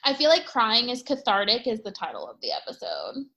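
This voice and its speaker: A woman hosting a podcast in casual chat, candid and quick to laugh. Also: on the high side, wildly swooping pitch, pushed and bright. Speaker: podcast host.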